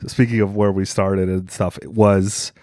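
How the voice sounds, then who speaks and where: Lower-voiced joking comedian, dry close sound. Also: male voice, measured pace, no room sound. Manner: animated, jokey, lots of fillers. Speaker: comedian guest. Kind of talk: casual podcast chat.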